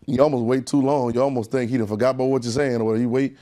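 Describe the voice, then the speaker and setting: A male preacher delivering a sermon, chatting with the congregation in folksy asides and building up in pitch and volume as he drives his points home. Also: little pitch movement, fast, warm tone.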